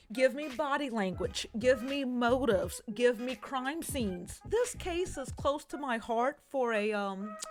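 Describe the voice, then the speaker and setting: A woman telling a true crime story casually, with sassy, profane comic asides. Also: fairly high pitch.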